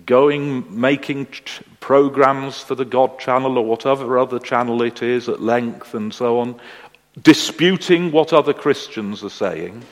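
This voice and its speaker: A man preaching a sermon at a slow, deliberate pace. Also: medium pitch. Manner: slow, deliberate delivery, animated voices in the story. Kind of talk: sermon with a told joke. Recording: long hall reverb.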